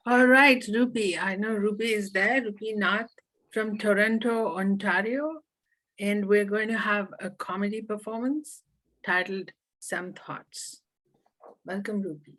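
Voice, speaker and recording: A woman's voice: medium pitch, steady tone, a little slow, fairly bright tone, rough recording. Woman hosting a virtual open mic. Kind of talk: introducing performers. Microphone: video call.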